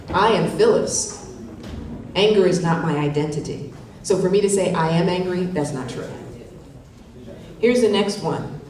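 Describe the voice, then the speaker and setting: Workshop presenter, woman, lowish voice, coaching style, distant mic in a very echoey hall with faint noise. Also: a little mellow. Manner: coaching, tags points with "right?". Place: conference hall.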